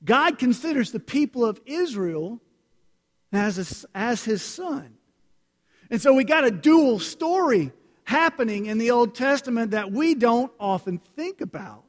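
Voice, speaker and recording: Male pastor, lightish voice, warm direct sermon delivery with Bible readings, echoing sanctuary. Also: very high voice, lively intonation, unhurried. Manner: earnest, conversational, addresses congregation directly. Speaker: preacher. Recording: long hall reverb.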